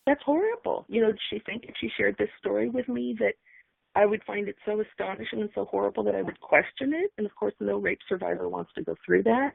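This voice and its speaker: Middle-aged woman speaker, halting and emotional, gravelly fry, heard over a phone line. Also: medium pitch, no room sound. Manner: emotional, halting, many fillers. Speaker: webinar speaker. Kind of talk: personal account on a call. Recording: tinny phone line, dry.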